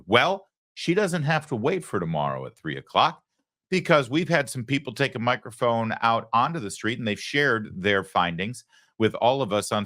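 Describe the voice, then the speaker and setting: Male talk host, punchy sarcastic monologue, bright forceful voice. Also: on the low side. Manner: sarcastic, emphatic, plays clips and breaks them down. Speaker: political talk show host. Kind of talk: opinion monologue.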